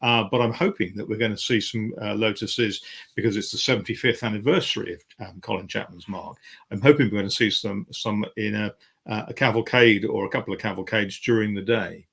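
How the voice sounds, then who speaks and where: Older male racing commentator, gravelly and low, unhurried technical chat. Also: a bit bright. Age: 60s. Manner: knowledgeable, detailed, many fillers. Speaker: guest motorsport commentator. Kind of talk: casual chat.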